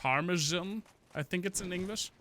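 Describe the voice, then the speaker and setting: A man's voice: high voice, moderate pace, pushed and bright, a little hiss or hum. A man casually commenting on a game stream, joking and chatting with his viewers while he plays. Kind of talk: casual gameplay commentary to chat.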